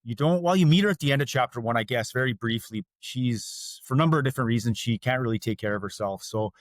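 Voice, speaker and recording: A man from Canada answers interview questions about his writing, earnest and measured, pausing now and then to find his words. His voice sits at a middle pitch and is recorded dry and close with no room around it. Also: no echo. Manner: earnest, measured, a little hesitant with fillers. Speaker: author guest.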